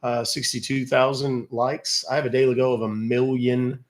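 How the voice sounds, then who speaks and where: A man's voice: mid-range voice, little pitch movement, moderate pace. A man hosting a livestream, chatting casually and directly to his viewers. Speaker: livestream scam-baiter host.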